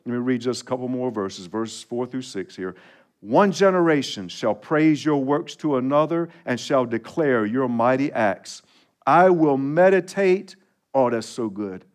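A man's voice: medium pitch, animated, measured pace. A male pastor preaching a sermon, reading scripture aloud, leading the congregation in call and response and building emphatic repeated refrains. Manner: preaching with rising, emphatic repetition.

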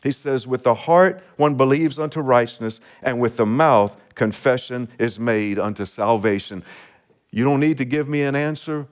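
A man's voice: mid-range voice, moderate pace. A man preaching a sermon as pastor, earnest and repetitive, chuckling between phrases and building in intensity.

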